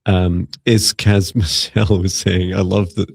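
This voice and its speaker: A man's voice: low voice, flat delivery, creaky, husky, no echo, studio quality. A man co-hosting a live psychic reading stream, playful and joking with his co-host in casual chat. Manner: playful and joking, with quick teasing asides.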